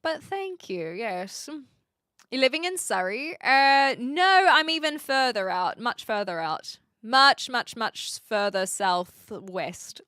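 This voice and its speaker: Bright high-voiced New woman streamer. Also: slow pace, no room sound, clean studio sound. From New Zealand. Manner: chatty, animated, frequent fillers and restarts. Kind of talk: casual live-stream chat reading viewer messages.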